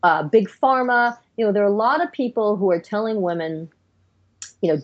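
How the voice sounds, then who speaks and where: A middle-aged woman speaking as a guest psychiatrist on a podcast, earnest and explanatory, her thoughts unspooling in long connected runs. Her pitch sits in an ordinary middle range, and the audio is slightly dull and lo-fi. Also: normal speed. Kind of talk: podcast interview.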